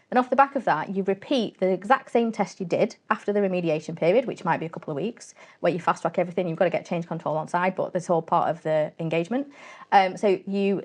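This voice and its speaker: A fairly low-pitched woman speaking as a guest in an interview. She talks casually and directly and acts out snippets of dialogue. Her manner stays chatty and straight-talking throughout. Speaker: guest, cybersecurity company CEO.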